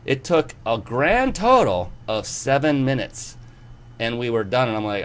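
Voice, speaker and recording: A man's voice: mid-range voice, big pitch swings, normal speed, slight background noise. A man hosting an interview show, talking enthusiastically and rambling with many fillers and restarts. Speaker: show host. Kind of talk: casual interview chat.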